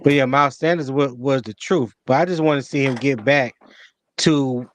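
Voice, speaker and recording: A man's voice: mid-range voice, moderate pace, slight background noise. Laid-back man in casual sports talk. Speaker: podcast co-host.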